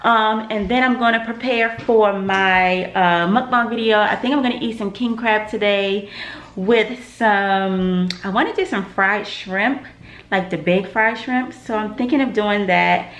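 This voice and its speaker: A woman's voice: medium pitch, measured pace, fairly bright tone. A young woman, chatting casually to camera in her home kitchen, laughing often and calling her viewers "y'all.". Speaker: vlogger, mother.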